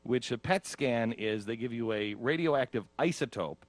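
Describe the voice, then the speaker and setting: A man's voice: mid-range voice, normal speed, no room sound. Self-mocking male radio host, dry mic. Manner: self-mocking, acts out his own panicked reactions with laughs. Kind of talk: casual talk radio chat.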